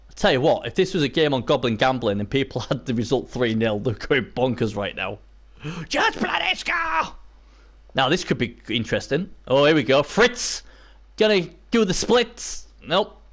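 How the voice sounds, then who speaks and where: A hoarse man calls a video game match live, his voice worn from the night before. His pitch swings widely from low grumbles to sudden squeaky cheers, and he talks to the chat like old friends. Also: moderate pace. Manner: excitable, bursts into high yelps and cheers; chatty, talks to viewers and chat by name. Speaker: live stream commentator. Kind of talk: casual video game commentary.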